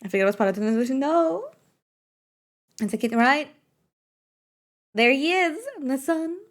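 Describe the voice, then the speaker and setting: A woman's voice: high-pitched, lively intonation, unhurried. Rambling, cursing woman streamer. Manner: rambling, frequent swearing and fillers. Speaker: game streamer. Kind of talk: casual live-stream chat.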